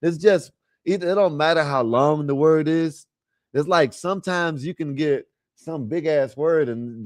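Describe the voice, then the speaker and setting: A man's voice: medium pitch, darkish tone, no echo, clean studio sound. A man hosting a livestream, rambling casually and talking straight to his viewers. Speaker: livestream host.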